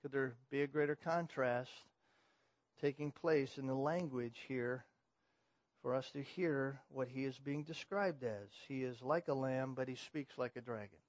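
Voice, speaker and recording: A man preaching an expository sermon, dropping to hushed, low emphasis and then rising to loud proclamation. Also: unhurried, dry recording, muffled recording.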